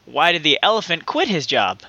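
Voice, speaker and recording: A man's voice: on the high side, sing-song, brisk, pushed and bright, no echo, lo-fi sound. A man co-hosting a podcast in casual comedic chat, laughing often and reading jokes out. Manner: giggly, reads out jokes. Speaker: podcast co-host.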